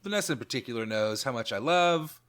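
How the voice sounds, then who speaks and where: A man of ordinary pitch, neither high nor low, chatting casually as a podcast host. He rambles along in an easygoing way and pokes fun at himself. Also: lively intonation, fast, a bit bright. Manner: rambling, easygoing, self-mocking. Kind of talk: casual chat.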